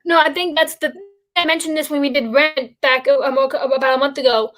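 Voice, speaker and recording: A high-pitched woman talks loosely as a host, drifting between thoughts and circling back with plenty of fillers. Her delivery is relaxed and conversational, like an easygoing chat among friends. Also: a little fast. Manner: rambling, many fillers and restarts. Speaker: podcast host. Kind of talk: casual chat about musicals.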